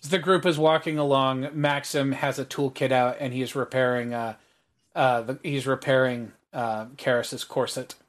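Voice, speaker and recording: Guy gm-ing a tabletop game, ordinary mid voice, goes low and quiet for character lines. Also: steady tone, normal speed. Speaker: game master.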